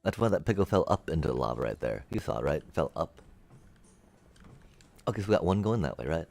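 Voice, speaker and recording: A man streaming a building game, musing aloud to his chat in a relaxed way and making playful beep-boop noises as he works. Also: rumbling low, fairly quick, creaky. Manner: chatty, musing aloud, makes beep-boop sound effects. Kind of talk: casual gameplay commentary to live chat.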